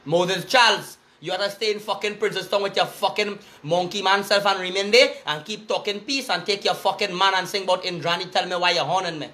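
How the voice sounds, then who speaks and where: A man's voice: high-pitched, brisk, few pauses, bright, forceful tone. A man from Trinidad and Tobago with a Trinidadian accent, an entertainer delivering a heated, profane, repetitive rant to camera. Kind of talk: angry cursing rant to camera.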